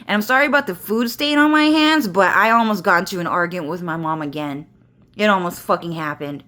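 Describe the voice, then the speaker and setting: A woman's voice: on the low side, brisk, sharp tone. A woman vlogging from home, ranting to camera in a rambling, agitated way with constant swearing and repetition.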